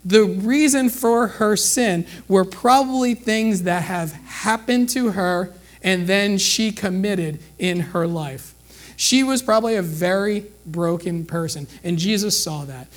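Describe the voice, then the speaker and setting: Man, middle-aged, high voice, sermon, casual preaching, rhetorical questions. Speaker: pastor.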